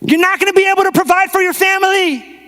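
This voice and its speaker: A loud, jeering devil shouts taunts and accusations, pitched high and hard as a man puts him on. The voice rings out through a reverberant church hall. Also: fast talker. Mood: taunting.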